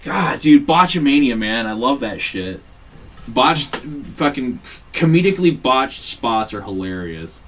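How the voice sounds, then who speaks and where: A man co-hosting a loose, profane podcast, his voice leaping around in pitch as he acts out bits. He sits back from the microphone, so he sounds a little distant, with a faint hiss of room noise behind him. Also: unhurried. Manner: profane, animated, mimics voices mid-story. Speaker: podcast co-host. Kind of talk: casual chat.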